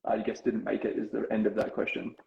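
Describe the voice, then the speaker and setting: A man's voice: on the low side, completely flat delivery, a little fast, gravelly, reverberant, dull audio, a little hiss or hum. A young Australian man reading out fan questions in a laid-back, teasing way. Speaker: reality show contestant reading fan questions. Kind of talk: casual chat.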